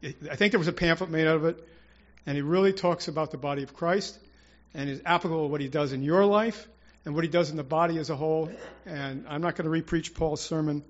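A man's voice: a little high, fairly even intonation, fast talker, dull audio. A man preaching an informal, rambling sermon to his congregation, with prayerful asides and restarts. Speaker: church speaker.

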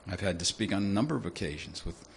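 Male preacher, conversational sermon delivery with questions to the audience; gravelly and low. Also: lively intonation, fast talker, a little hiss or hum.

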